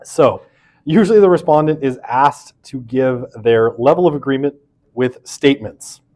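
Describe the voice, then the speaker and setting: A man's voice: medium pitch, moderate pace, darkish tone. Chatty man lecturing a class. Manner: chatty, many fillers and asides, self-deprecating. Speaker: university lecturer.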